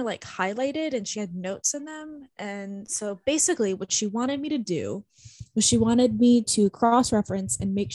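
A woman's voice: mid-range voice, no room sound. A young woman co-hosting a podcast, telling stories in casual chat with lots of swearing and "like". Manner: animated storytelling, swears, heavy use of "like". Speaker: podcast co-host.

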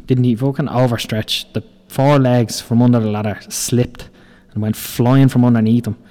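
A young Irish podcast host in his twenties tells rambling, profane stories from building sites, laughing his way through them. His voice is medium-pitched, steady and dark, at a moderate pace.

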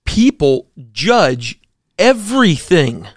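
A man's voice: on the high side, big pitch swings, slow, no room sound. Emphatic pastor man, dry close sound. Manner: opinionated, emphatic, rhetorical questions. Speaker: co-host, pastor. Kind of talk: casual talk show commentary.

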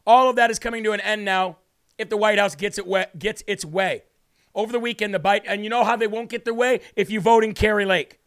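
A man's voice: high voice, fairly even intonation, quick pace, fairly bright tone, clean tone. A man hosting a live political commentary show, emphatic and sarcastic, firing rhetorical questions at viewers. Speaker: host.

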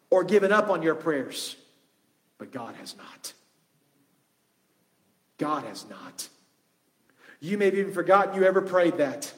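A male pastor preaches with passion, dropping to hushed tones and rising again. His voice sits high for a man and rings in a long reverberant hall. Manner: impassioned, shifting from loud to hushed. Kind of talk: sermon.

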